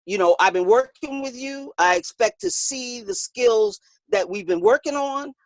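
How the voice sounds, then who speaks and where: A woman boxing coach telling a story in an interview, animated, acting out the voices of the people in it and laughing often. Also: mid-range voice, dry recording.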